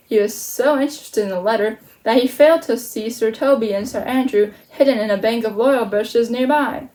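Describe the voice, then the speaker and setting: A woman's voice: on the high side, fairly quick, few pauses, poor audio. Playful woman reading a storybook aloud. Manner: playful, animated, slangy. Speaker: storytime channel host. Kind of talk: reading a children's book aloud with chatty asides.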